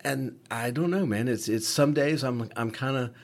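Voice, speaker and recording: A man's voice: mid-range voice, normal speed. A man, co-hosting a podcast, telling stories in casual chat with frequent swearing and restarts. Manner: profane storytelling with many restarts. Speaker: podcast co-host, paramedic.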